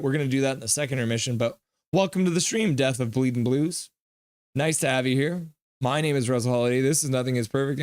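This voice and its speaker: Young male streamer, mid pitch, dry close mic, reads chat aloud and calls the play. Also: no room sound. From Canada. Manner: reads chat messages aloud, chatty, jumps into game commentary. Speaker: live stream host.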